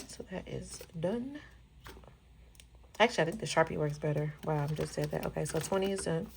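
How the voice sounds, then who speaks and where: A chatty woman, talking casually with viewers while she counts bills aloud. Her mid-pitched voice has a gravelly edge. The recording carries steady background noise. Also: moderate pace, pauses often. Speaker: budgeting vlogger. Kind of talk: casual cash-stuffing vlog chat.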